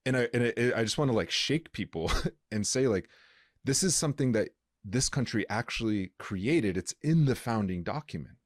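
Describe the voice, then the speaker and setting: A man's voice: medium pitch, lively intonation, normal speed, dry recording, studio quality. A man co-hosting a podcast, talking earnestly with many fillers and restarts. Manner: earnest, impassioned. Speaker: podcast co-host. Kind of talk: casual conversational interview.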